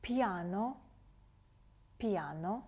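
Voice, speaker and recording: A woman English teacher giving a TV lesson to children, saying each word slowly and carefully and repeating it twice. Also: medium pitch, expressive, a little mellow, slightly rough.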